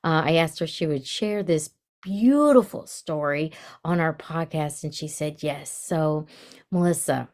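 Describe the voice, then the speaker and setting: A woman's voice: sits low, measured pace, a little mellow. A woman hosting a podcast, introducing her guest in an effusive, rambling way. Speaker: podcast host. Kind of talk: casual podcast interview.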